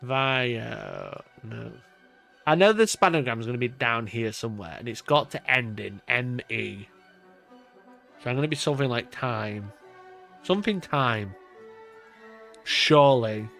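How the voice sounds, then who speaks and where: A man's voice: mid-range voice, lively intonation, normal speed, long pauses, fairly bright tone, soft background music. A man streaming live as he works through a word puzzle. He talks to himself and to his chat, laughs often, mocks himself and swears.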